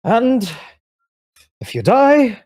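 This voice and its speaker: A man's voice: very high-pitched, wildly swooping pitch, drawn-out words, a little mellow, pitched above the performer's own voice, exaggerated voice. A man voicing Dagon, a terse male leader giving clipped, wry orders in a tabletop game. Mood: urgent.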